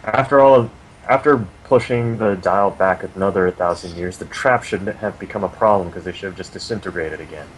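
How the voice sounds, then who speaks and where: A low-voiced man plays in a tabletop game session, describing his moves and trading dry, teasing jabs with the table. Faint noise runs under his voice. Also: a little fast, hardly any pauses, poor audio. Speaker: player.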